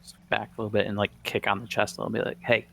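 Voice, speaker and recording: A man with a low, gravelly voice plays a tabletop game. He eagerly lays out what his character does and reads off his dice rolls. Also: monotone, rapid-fire, a bit bright, slight background noise. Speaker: player.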